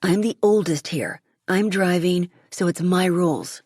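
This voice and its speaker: A woman's voice: on the low side, unhurried, a little mellow, husky, no echo, studio quality. A woman voicing a bossy older teenage boy who hisses out orders.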